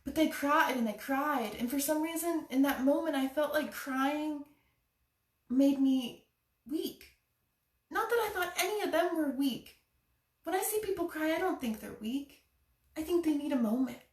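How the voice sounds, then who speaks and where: A woman's voice: sits high, animated, unhurried, far from the mic. A woman hosting a live-streamed spiritual challenge, talking to her viewers in an earnest, encouraging way. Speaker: chakra challenge host. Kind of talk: live-stream motivational talk. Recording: echoey room, away from the mic.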